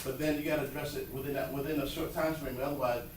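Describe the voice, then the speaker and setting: Guy talking fast about adhd kids to teachers, animated, echoey far-off room. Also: medium pitch, background noise. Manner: fast, animated, acts out quotes. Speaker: speaker at a workshop on students with ADHD. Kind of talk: live talk to educators.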